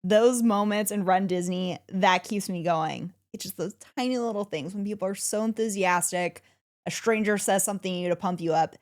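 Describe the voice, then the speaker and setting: A woman co-hosting a casual podcast, telling a story with excitement and laughing often. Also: mid-range voice, moderate pace. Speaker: podcast co-host.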